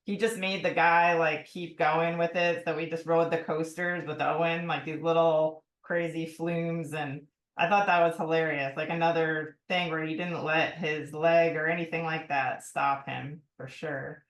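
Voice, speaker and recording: A woman's voice: low voice, level tone, unhurried, few pauses. Chatty woman hosting a video call, echoey room. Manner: chatty, laughing, uses "like" often. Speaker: memorial host. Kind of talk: casual chat.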